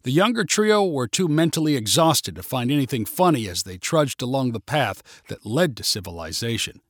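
A man narrating a story in a steady, plain reading manner. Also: mid-range voice, normal speed, no echo, studio quality.

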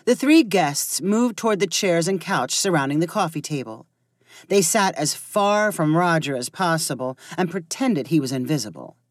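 A woman narrating a story aloud in an expressive reading voice. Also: low voice, moderate pace, dry recording, studio quality.

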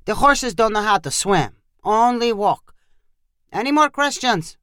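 A storyteller voicing a brisk male horse-ride guide who calls out orders to the group. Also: medium pitch, expressive, clean tone, no room sound, studio quality, voice pushed up. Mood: upbeat. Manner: loud, bossy, upbeat. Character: male ranch guide Pancho, brisk and commanding.

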